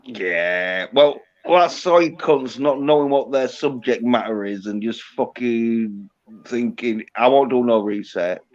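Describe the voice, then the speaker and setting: Slow-talking, profane livestream host. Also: male voice, mid-range voice. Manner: crude, profane banter. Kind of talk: casual livestream chat. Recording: dull lo-fi sound.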